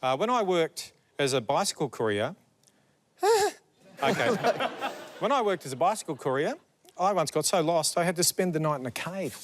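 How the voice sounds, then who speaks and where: Man, high voice, team captain, amused, quizzing, faint noise. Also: big pitch swings, moderate pace, long pauses. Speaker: team captain on a panel show. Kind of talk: panel show banter.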